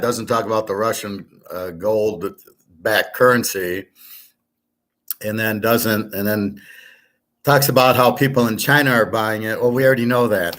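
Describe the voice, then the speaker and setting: A man's voice: lowish voice, a bit bright. A man hosting his own channel, ranting bluntly and angrily with lots of swearing. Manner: angry, profane, blunt. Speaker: host of a sports betting and finance channel. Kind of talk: ranting monologue to camera.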